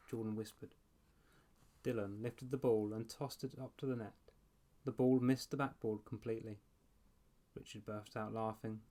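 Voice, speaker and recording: A man's voice: medium pitch, steady tone, normal speed, darkish tone. A man in his thirties reading a children's horror story aloud. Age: 30s. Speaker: audiobook reader. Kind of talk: storybook narration.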